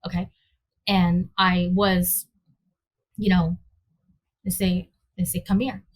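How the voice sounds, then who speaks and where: A woman's voice: fairly low pitch, level tone, takes it slowly. A woman guest telling a personal story in a rambling way, searching for words and acting out her own reactions. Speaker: interview guest.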